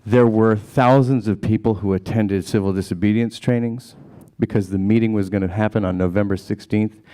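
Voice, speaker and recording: A man's voice: lowish voice, steady tone, moderate pace, dark tone. A man, a documentary filmmaker, talking to a live audience in an earnest, plain-spoken way. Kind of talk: storytelling at a live gathering.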